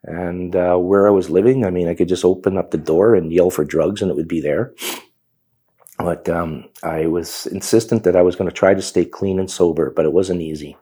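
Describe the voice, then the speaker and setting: A man's voice: sits low, fairly even intonation, moderate pace, warm tone, breathy edge. A middle-aged man with a Canadian accent telling his personal testimony in a reflective storytelling manner. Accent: Canadian English. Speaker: testimony speaker.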